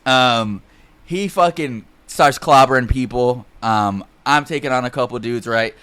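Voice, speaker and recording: A man's voice: medium pitch, a little slow, noisy background. A young man telling a casual, rambling story on a podcast, full of fillers and swearing. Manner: rambling, heavy fillers and profanity.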